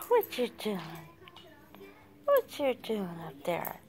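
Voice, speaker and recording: An older woman, a grandmother babysitting, softly narrating a home video in an upstairs family room, often dropping to a whisper and coaxing the little ones. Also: a little high, huge pitch swings, slow, long pauses. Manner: soft-spoken, often hushed to a whisper; coaxing, praising grandmotherly baby talk. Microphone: handheld phone camera.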